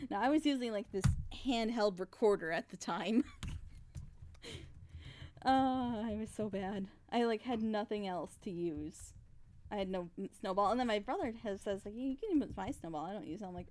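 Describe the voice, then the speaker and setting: A woman's voice: medium pitch, animated, moderate pace, long pauses, darkish tone, a little hiss or hum. A young woman voice actor chatting casually on a drawing stream. She laughs often and acts out what people said.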